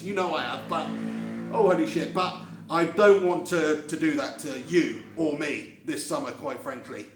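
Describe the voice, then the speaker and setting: A man's voice: high voice, a bit bright, slight background noise. A man hosting a live fan reaction stream, chatting casually, laughing often and reading out viewer comments. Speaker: fan channel host. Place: empty room. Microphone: handheld mic close to face. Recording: echoey empty room.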